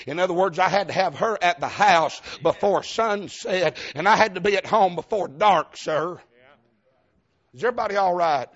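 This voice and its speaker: A man's voice: high voice, moderate pace, fairly bright tone, highs cut off. A man with a Southern US accent preaching a fervent revival sermon in a church, repeating himself and calling out to the congregation. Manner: fervent, repetitive, calls out to the congregation.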